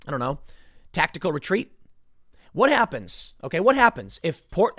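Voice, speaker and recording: A man's voice: a little high, fairly bright tone, no echo, studio quality. A man hosting casual political commentary, emphatic and exasperated in how he talks.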